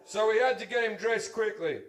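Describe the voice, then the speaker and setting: A man in his thirties doing crude, swearing stand-up storytelling on stage, bursting into loud stretches. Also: high voice, brisk, slight background noise. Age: 30s. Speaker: stand-up comedian. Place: comedy stage before an audience. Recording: echoey stage recording.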